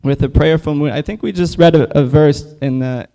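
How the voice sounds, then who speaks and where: A man's voice: fairly high pitch, normal speed, vocal fry, warm tone. A man speaking at a temple, giving a casual class on scripture with many "like" fillers. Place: temple hall.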